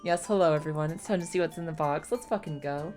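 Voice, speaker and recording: A young woman streaming a game, chatting casually, excitable, swearing often and breaking into squealing laughs. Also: low-pitched, fast talker, soft background music. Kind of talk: casual live-stream chat while playing a game.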